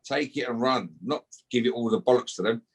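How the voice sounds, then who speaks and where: A man's voice: mid-range voice, brisk, husky. A man, calling out a rival in brash, swearing casual talk and ending lines with a taunting "yeah?". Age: 50s. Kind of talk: heated casual callout.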